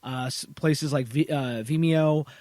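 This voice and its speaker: A man's voice: on the high side, a little slow, darkish tone, no echo. A man hosting a podcast interview, rambling casually with many restarts and "you know"s. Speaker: podcast host.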